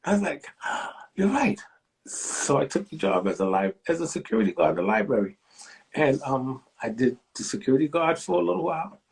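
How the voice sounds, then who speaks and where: A man's voice: fairly quick, gravelly, husky. A man in his sixties, a library director, telling stories in an interview and acting out the voices of the people he quotes. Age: 60s. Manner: animated storyteller, acts out quoted voices with big pitch jumps. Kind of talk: storytelling interview.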